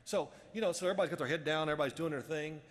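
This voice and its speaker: Guy rambling thru a luncheon speech, slightly high voice, long echo from the banquet hall. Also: rapid-fire. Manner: rambling storyteller, frequent restarts. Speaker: luncheon speaker. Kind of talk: casual motivational speech.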